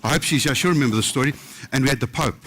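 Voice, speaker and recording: Racing through his stories, a chef with a South African English accent entertains a book festival crowd and mimics the people he quotes. His voice is medium-pitched and fairly bright.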